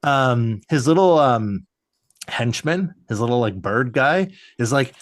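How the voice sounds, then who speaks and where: A man's voice: mid-range voice, lively intonation, takes it slowly, no echo. Dry-sounding man recapping a movie casually. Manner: rambling, filler-heavy storytelling. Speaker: podcast co-host.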